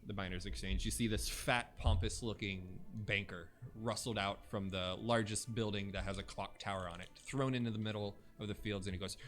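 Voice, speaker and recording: A young man with a lowish voice runs a tabletop game, narrating scenes in a halting way. He stops often on fillers as he describes the action. Faint music plays behind him. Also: steady tone. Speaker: game master.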